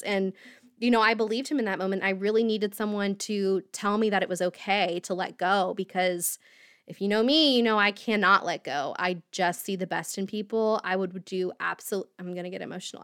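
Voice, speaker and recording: A woman's voice: medium pitch, moderate pace, fairly bright tone, no room sound, studio quality. A young woman from Indiana hosting a podcast, telling her own story candidly and rambling with fillers and nervous laughs. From Indiana, USA. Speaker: podcast host.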